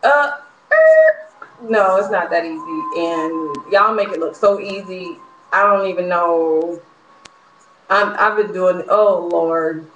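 A woman's voice: fairly low pitch, fairly even intonation, takes it slowly, fairly bright tone, dull audio. A young woman venting in a casual vlog, frustrated and worked up, ranting with profanity and nervous laughs. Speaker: vlogger. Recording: echoey room, faint noise.

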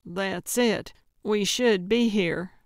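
A woman's voice: mid-range voice, takes it slowly, dry recording, clean studio sound, close to an everyday voice. Woman voicing a boastful elderly amateur sleuth. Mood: confident. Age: older. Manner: confident, self-important.

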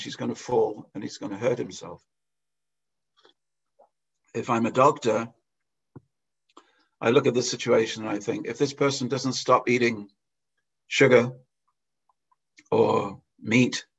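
Gravelly male preacher telling stories. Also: mid-range voice. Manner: anecdotal, with frequent chuckles and hesitations. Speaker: lecturer giving a scripture class. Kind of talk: storytelling sermon. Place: temple hall. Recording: dull lo-fi lecture recording.

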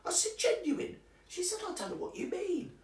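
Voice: very high-pitched, sing-song, moderate pace, gravelly, heavily acted. A gossipy old gal, roomy and distant, as a performer puts her on. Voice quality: chatty, confiding, gossipy. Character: gossipy older British woman, nosy and cheeky. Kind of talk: comic character monologue to camera. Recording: roomy sound from away from the mic.

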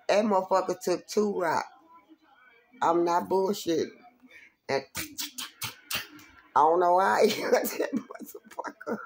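A woman telling a profane, animated story from her street days, acting out the quotes. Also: fairly low pitch, a little slow, long pauses. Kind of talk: casual storytelling.

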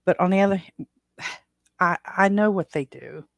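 A woman's voice: medium pitch, a little slow, creaky, no room sound. A woman from the United States hosting her own podcast, chatting casually on her own and rambling with many fillers and restarts. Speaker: podcast host. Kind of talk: casual solo chat.

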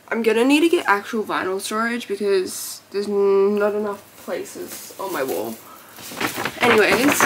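A woman's voice: medium pitch, background noise. A young woman talking casually to camera at home as a vlogger, chatty and gushing with lots of fillers. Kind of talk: casual vlog chat.

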